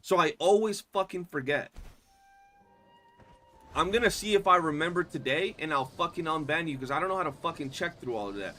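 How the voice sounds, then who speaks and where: A young man livestreaming a game, talking in a loose, animated, slangy way and swearing often. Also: fairly high pitch, brisk, soft background music. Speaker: streamer. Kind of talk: casual gaming livestream chat.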